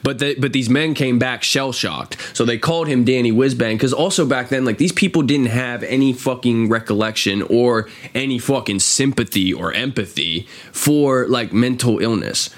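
A man hosting a casual podcast chat, swearing often and acting out quotes in a high voice. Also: normal speed, hardly any pauses. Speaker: podcast host.

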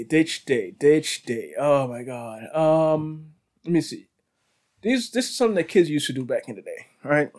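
Man, podcast host, rambling casual storyteller, slightly high voice. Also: darkish tone. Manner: rambling with restarts, laughs, says bro.

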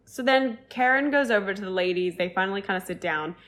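A young woman co-hosting a podcast, retelling events in an animated, casual way with many fillers. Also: medium pitch, fast. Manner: animated storytelling, heavy use of "like". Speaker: podcast co-host. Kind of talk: casual chat.

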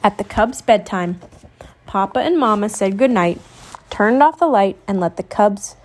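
A woman reading a children's picture book aloud, telling it in a gentle, expressive storytelling voice. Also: medium pitch, measured pace. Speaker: storybook reader.

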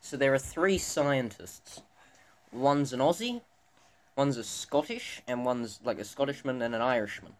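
A teenage boy with a medium-pitched voice speaks unhurriedly as co-host of a casual student podcast. He rambles, full of fillers and restarts, with faint background noise in the recording.

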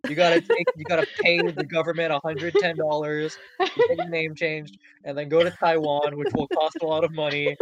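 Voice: medium pitch, flat delivery, normal speed, a crowd in the background. A podcast co-host in a casual chat, rambling and profane, often breaking into laughter.

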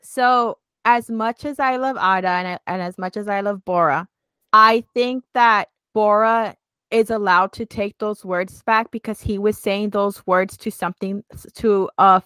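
A woman's voice: medium pitch, steady tone, unhurried, a bit bright, smooth, no echo. A woman co-hosting a casual chat, recapping a drama with gushing emotion and constant "like" fillers. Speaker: co-host.

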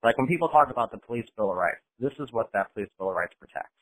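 A man's voice: lowish voice, lively intonation, rapid-fire, fairly bright tone, breathy edge, rough recording. A man from the United States talking bluntly and with energy in a casual podcast conversation, swearing freely as he goes.

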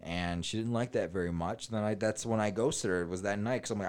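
A man's voice: on the low side, a little fast. A man, a stand-up comedian, casually telling rambling, profane stories on a podcast. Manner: profane, rambling, animated retelling with quoted dialogue.

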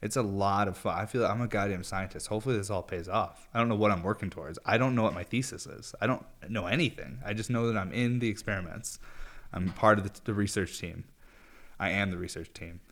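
A man's voice: lowish voice, quick pace, fairly bright tone. A young man in a casual, rambling monologue, laid-back and profane, joking at his own expense. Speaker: vlogger.

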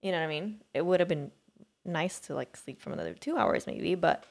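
A woman's voice: lowish voice, very animated, a little fast, gravelly, darkish tone. A woman co-hosting a podcast, chatting casually and rambling with many fillers and restarts. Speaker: podcast co-host. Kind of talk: casual chat.

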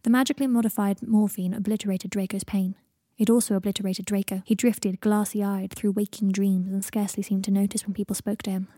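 Hushed, husky woman narrator. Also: mid-range voice, flat delivery, fairly quick, few pauses, dry recording, studio quality. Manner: hushed, intimate narration, often near a whisper. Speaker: audiobook narrator. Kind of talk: fan fiction audiobook reading.

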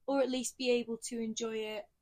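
A young woman co-hosting a casual podcast, speaking in a steady, considered way and nodding along with plenty of "yeah". Her voice sits slightly high. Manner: measured, agreeable, backchannels often. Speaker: podcast co-host. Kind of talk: casual chat.

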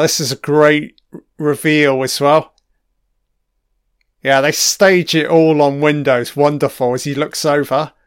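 Slow, profane man doing film commentary. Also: a little high, clean tone, dry recording, studio quality. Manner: profane, enthusiastic, frequent swearing; rambling with trailing-off asides. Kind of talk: casual audio film commentary.

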